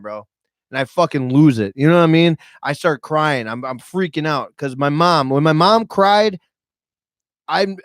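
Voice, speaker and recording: A man's voice: fairly high pitch, no room sound. A man telling candid stories on a podcast, emotional and profane, speaking straight to his viewers. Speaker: podcast guest. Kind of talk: candid storytelling chat. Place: podcast studio with cameras.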